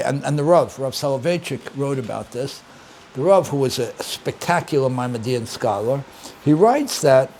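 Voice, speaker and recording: An older man, a rabbi, giving a conversational Torah lesson, emphatic and animated, repeating key words and asking his listeners questions. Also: a little high. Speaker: rabbi and teacher.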